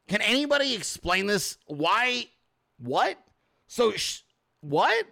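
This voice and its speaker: A man hosts a livestream and improvises a rapid, profanity-laced political rant, animated and occasionally shouting as he acts things out. His voice sits high and has a creaky texture.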